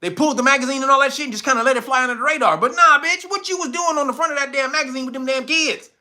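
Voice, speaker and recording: A man hosting a casual livestream, reading viewer comments and reacting loudly with profanity and frequent laughter. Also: extremely high pitch, very fast. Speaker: livestream host reading chat.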